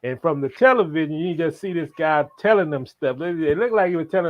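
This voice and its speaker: A sports reporter from Florida joins the chat over a slightly dull, muffled line. He talks in a halting way, circling back and restarting his sentences. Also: a little high, animated. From Jacksonville, Florida. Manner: halting, many restarts and fillers.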